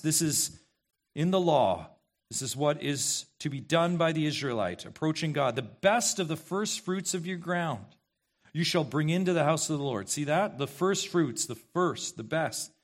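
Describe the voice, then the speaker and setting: Man preaching, pastor, emphatic, fairly high voice, questions to the congregation, repeats key phrases. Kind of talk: expository sermon.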